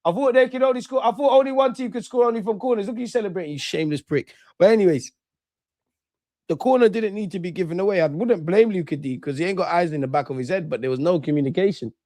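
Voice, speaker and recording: A young man streams a football watchalong, giving casual live commentary in slang while sounding bored. His voice is high and a little mellow, he talks quickly, and the recording has no room sound.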